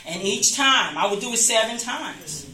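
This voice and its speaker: A woman's voice: a little high, lively intonation, a little slow, pushed and bright. A woman minister teaching a church class in a loose, conversational way, often repeating herself and acting out the voices she quotes. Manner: talks informally, repeats and restarts phrases, acts out quoted voices. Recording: echoey room, distant mic.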